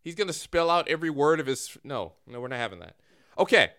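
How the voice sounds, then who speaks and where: Exasperated man with a lively voice. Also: fairly high pitch, quick pace, clear, resonant tone. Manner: exasperated, keeps the show on track. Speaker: podcast co-host. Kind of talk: comedic casual chat.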